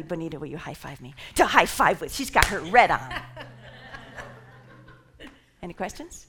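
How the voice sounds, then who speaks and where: A woman minister giving an animated sermon, dropping to whispers and rising to shouts as she leads the congregation in call and response. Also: lowish voice, moderate pace.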